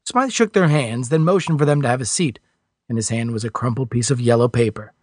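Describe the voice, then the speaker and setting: Reading a science fiction audiobook from a script, this man gives an expressive, varied performance. He's medium-pitched and a little fast, and the studio-quality recording has no echo.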